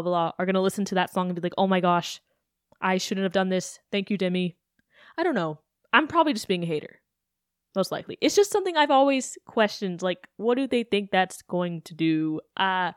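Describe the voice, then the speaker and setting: A woman's voice: on the high side, no room sound, studio quality. A young adult woman hosting a podcast, ranting in a chatty, sarcastic way with self-questioning asides. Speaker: podcast host. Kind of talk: casual podcast rant.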